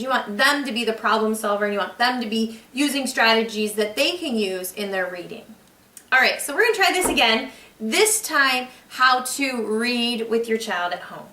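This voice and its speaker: A woman's voice: fairly high pitch, pushed and bright. A woman explaining to parents how to read with their child, patient and encouraging as she demonstrates. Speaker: reading teacher. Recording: echoey room, mic far off.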